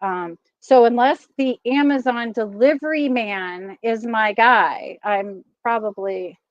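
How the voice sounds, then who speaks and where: High-voiced woman telling a story. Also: slow pace, no echo, muffled recording. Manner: animated, laughs often. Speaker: vlogger host. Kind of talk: casual chatty storytelling.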